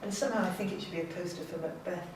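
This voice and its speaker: A woman's voice: lowish voice, rapid-fire, recorded from a distance, noisy background. Chatty woman in an echoey gallery. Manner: chatty, enthusiastic, self-deprecating, with laughs and restarts. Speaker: artist giving a gallery talk. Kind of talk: informal gallery talk to an audience. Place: gallery talk space. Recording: very echoey room, voice from afar.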